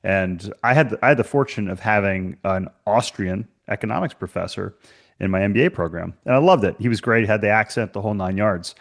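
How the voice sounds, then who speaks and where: Low-voiced chatty male podcast host. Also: fairly quick, creaky. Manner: chatty storyteller, many "you know" fillers. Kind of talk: casual interview chat.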